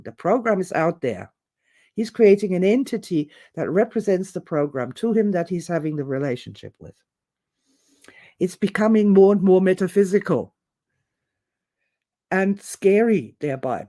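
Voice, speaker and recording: A woman giving an opinionated, theatrical monologue, digressing and acting out other people's reactions. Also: lowish voice. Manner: animated, theatrical, acts out quotes, digressive. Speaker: presenter.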